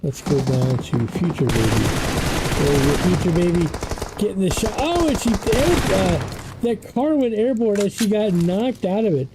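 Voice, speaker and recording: An esports caster doing play-by-play commentary, chatty and excitable, with the voice jumping up on every knockdown. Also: normal speed, heavy background noise. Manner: excitable, pitch jumps on knockdowns; chatty asides about the broadcast controls.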